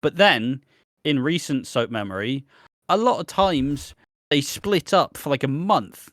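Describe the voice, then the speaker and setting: A man's voice: medium pitch, animated, a little slow, fairly bright tone, no room sound, clean studio sound. A man co-hosting a podcast, rambling in casual chat with lots of restarts and the odd swear. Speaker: podcast co-host.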